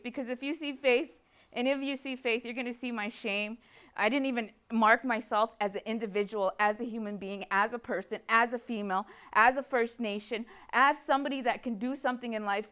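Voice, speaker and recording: A woman's voice: a little high, a bit bright, smooth. A woman from Canada giving an emotional personal testimony, speaking rawly with repeated phrases. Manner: raw, emotional, repetitive phrasing. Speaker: speaker sharing her recovery story.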